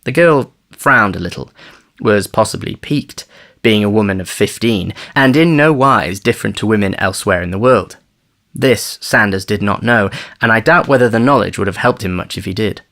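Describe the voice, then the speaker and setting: A man narrating an audiobook thriller in a measured, wry storytelling manner. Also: lowish voice, animated, fairly bright tone. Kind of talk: scripted narration.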